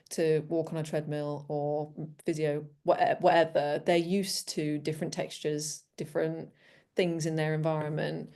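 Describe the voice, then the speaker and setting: Low, mellow woman dog trainer. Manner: bubbly, laughs often, acts out dogs. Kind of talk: casual expert interview.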